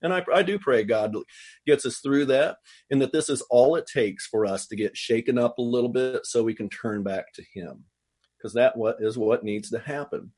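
A man's voice: mid-range voice, moderate pace, a little mellow, slightly rough. A man preaching a sermon, reading scripture and paraphrasing it with earnest, rising intensity. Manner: earnest, voices God's lines with rising intensity. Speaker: pastor.

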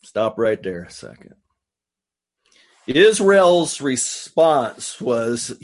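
A man's voice: mid-range voice, sing-song, very slow, long pauses. A man preaching a sermon, reading scripture and paraphrasing it with earnest, rising intensity. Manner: earnest, voices God's lines with rising intensity. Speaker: pastor.

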